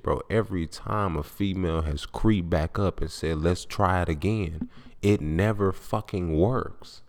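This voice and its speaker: A man's voice: low-pitched, creaky. A man in his twenties hosting a podcast, talking in an unscripted, profane and preachy monologue with blunt storytelling. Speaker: podcast host.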